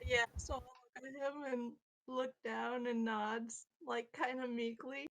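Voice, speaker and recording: A woman's voice: fairly high pitch, steady tone, unhurried, fairly bright tone. A woman player at a tabletop game, eager and giggly. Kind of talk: casual tabletop play.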